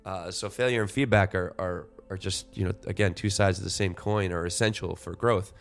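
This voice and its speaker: A man's voice: low-pitched, steady tone, a little fast, creaky. A man in his forties hosting a solo podcast, talking reflectively and rambling with lots of "you know" fillers and restarts. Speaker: podcast host.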